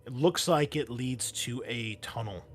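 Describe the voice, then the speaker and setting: A man's voice: mid-range voice, unhurried, background noise. A man narrating as game master of a tabletop role-playing game, casual, with many fillers and restarts.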